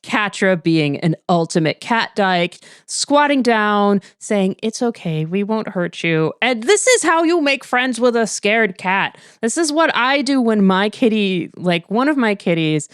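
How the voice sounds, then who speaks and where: Woman co-host, playful, pitch swings all over, dry close sound. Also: lively intonation, a little slow, hardly any pauses, clear, resonant tone, dry recording. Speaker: podcast co-host. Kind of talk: casual podcast recap chat.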